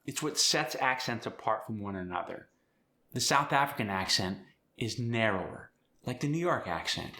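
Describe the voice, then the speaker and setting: A man teaching an accent, explaining sounds and demonstrating words and sentences slowly, one at a time. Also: medium pitch, pushed and bright. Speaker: accent coach. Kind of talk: accent tutorial.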